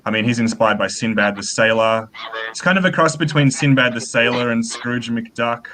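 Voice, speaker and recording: A man's voice: medium pitch, normal speed, pushed and bright, a little hiss or hum, low-quality recording. A male author in a casual interview, explaining his ideas in a thoughtful, rambling way with frequent fillers. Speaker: author guest.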